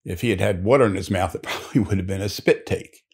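Guy spinning a long joke, low gravelly voice, easygoing with little asides. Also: fast talker, darkish tone. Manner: leisurely, conversational, with asides. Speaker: storyteller. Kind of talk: telling a joke story.

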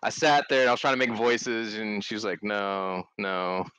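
Sheepish player with a bright voice. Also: male voice, fairly low pitch, moderate pace, clear, resonant tone, no room sound. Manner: sheepish, apologetic. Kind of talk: casual tabletop game chat.

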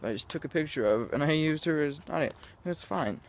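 A man's voice: on the high side, fast, slight background noise. A young man rambling through a casual vlog outdoors, scattered and self-mocking, losing his train of thought and laughing often into a camera mic. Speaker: vlogger. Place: outdoors in sunlight.

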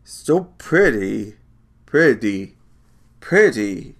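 A man voicing a frail, timid little boy who speaks slowly and softly. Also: on the low side, big pitch swings, exaggerated voice. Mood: wondering. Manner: slow, soft, wondering.

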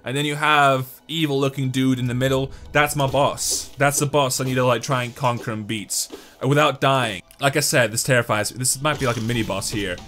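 A young man giving excitable, joking let's-play commentary while he talks to the game. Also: mid-range voice, a little fast, soft background music. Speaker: gaming YouTuber.

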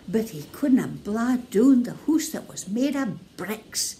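A woman with a Scottish accent telling a children's story in a playful, expressive way. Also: mid-range voice, slow pace.

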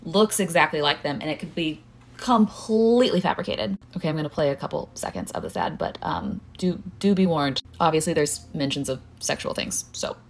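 A woman's voice: sits low, animated, a little fast, creaky, a little hiss or hum. A young woman content creator giving casual commentary, musing and rambling.

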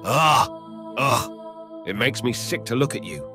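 A man's voice: lowish voice, sing-song, normal speed, music in the background, pitched above the performer's own voice. A man voicing an angry young male hunter who scolds and threatens. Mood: disgusted.

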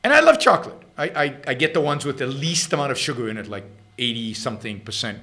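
Bright-voiced emphatic male show host. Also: mid-range voice, lively intonation, quick pace. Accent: Israeli. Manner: emphatic, repeats words and restarts often. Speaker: show host answering listener questions. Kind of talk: casual unscripted commentary.

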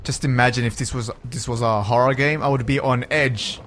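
A young man narrating his own video game play, swearing often and swinging between calm remarks and frustrated yells. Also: mid-range voice, a little fast, slight background noise. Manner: swears a lot. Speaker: gaming YouTuber. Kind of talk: Let's Play commentary.

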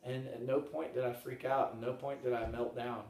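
A man telling a rambling personal story in a casual way, laughing often and dropping to a murmur at calm moments. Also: mid-range voice, moderate pace. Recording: roomy, from a distance.

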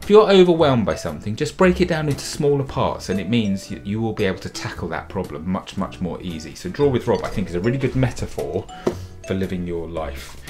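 A middle-aged man leads a friendly drawing lesson for children. His voice sits low, but he swoops up and down with lively, animated inflection. He talks in a chatty, upbeat way and often repeats words for emphasis, with faint music playing underneath. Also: fairly quick. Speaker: children's author and illustrator teaching drawing. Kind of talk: friendly drawing tutorial for kids.

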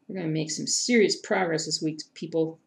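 A woman's voice: low-pitched, steady tone, brisk, creaky. A woman chatting casually with her viewers while she stitches, reading their comments and muttering to herself as she hunts for thread. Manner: chatty, self-deprecating, talks to chat, mutters to herself. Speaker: cross-stitch streamer. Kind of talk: casual live-stream chat while stitching.

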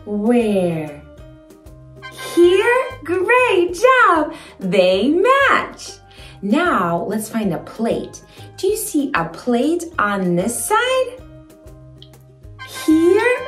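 A young woman hosting a toddler learning video, who speaks slowly and gives lots of encouraging praise. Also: high voice, wildly swooping pitch, distant mic. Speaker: children's video host. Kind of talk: slow, sing-song teaching for toddlers. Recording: echoey room, soft music behind.

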